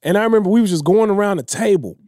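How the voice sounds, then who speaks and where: A man with a high but dark, mellow voice tells a personal story in easy, casual speech. His voice sinks low and soft whenever he quotes someone else. It is recorded close and dry, with no room sound. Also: very fast, no room sound. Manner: emotional, drops low and quiet when quoting others. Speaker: podcast guest.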